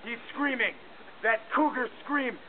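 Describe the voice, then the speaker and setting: A man telling a mock-heroic tall tale for a contest, in a deadpan, boastful way. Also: very high voice, a little slow. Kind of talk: mock-heroic storytelling performance. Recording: tinny lo-fi camcorder audio with hiss.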